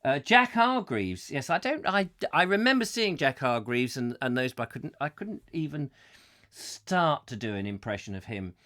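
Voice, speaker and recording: A man's voice: medium pitch, sing-song, normal speed, fairly bright tone. A man hosting a comic live chat show, rambling as he reads out viewer comments and drifts into silly voices. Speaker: host.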